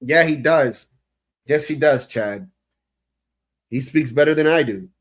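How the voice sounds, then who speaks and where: A man rants in casual reaction commentary, profane and incredulous, sounding thoroughly exasperated. His voice sits a little higher than most men's. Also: unhurried.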